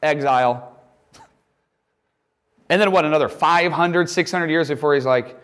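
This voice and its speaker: A man preaching a casual, conversational sermon in an emphatic, animated way. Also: a little high, normal speed, pauses often.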